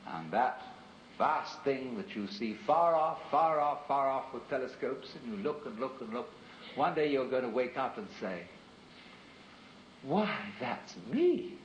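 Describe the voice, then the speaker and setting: A man's voice: medium pitch, animated, slight background noise. Reflective man lecturing on old tape. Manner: measured, reflective, rhetorical. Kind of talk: philosophical lecture. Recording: roomy, dull archival lecture tape.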